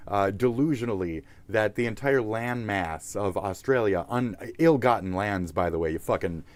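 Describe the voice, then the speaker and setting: A man with a fairly low voice rants through a livestream as its host. He swears constantly and mocks his targets. His talk rambles from point to point. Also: normal speed, dry recording. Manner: profane, mocking, rambling. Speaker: live streamer. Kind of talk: livestream rant.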